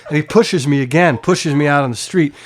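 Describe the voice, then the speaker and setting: There's a little hiss or hum on this recording of a guest musician interviewed at home. In a slightly high voice and at a fairly quick pace, he tells a long story casually, swearing freely, animated, and imitating the people in it.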